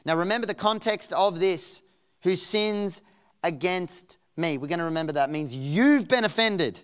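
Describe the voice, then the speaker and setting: A man preaching a sermon as pastor, expressive, dropping soft and low then rising to emphatic points. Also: moderate pace, clean tone.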